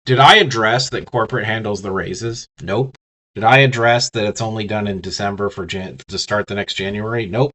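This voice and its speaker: A man teaching business communication speaks at normal speed in a fairly low, fairly bright voice while dealing with the hiccups. His lecture is casual and conversational, aimed right at the listener and peppered with restarts and fillers.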